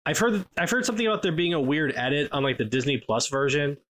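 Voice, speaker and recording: A man's voice: fairly high pitch, big pitch swings, fast, a bit bright. A man co-hosting a podcast in casual chat, rambling with lots of fillers and restarts. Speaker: podcast co-host.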